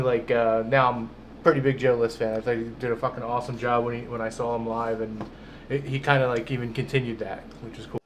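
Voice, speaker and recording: A man's voice: medium pitch, slight background noise. Rambling casual podcast host man. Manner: rambling, filler-heavy talk. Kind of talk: casual chat.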